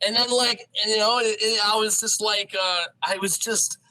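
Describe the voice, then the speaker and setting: High bright-voiced man telling a story. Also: dry recording, rough recording. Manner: animated, acts out voices in quotes, halting restarts. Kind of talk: casual storytelling.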